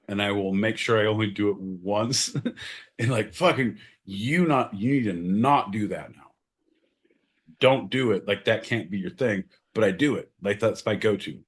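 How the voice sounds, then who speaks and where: Loud joking podcast man. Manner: loud, joking, interrupting, swearing, jumping in pitch. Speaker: podcast co-host. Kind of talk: rowdy comedic banter.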